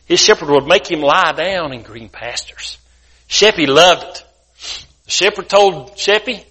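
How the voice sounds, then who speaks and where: A guest preacher tells a sermon story in a folksy, colloquial style. His voice is a little high and comes across bright and forceful. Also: lively intonation, a little slow, breathy edge.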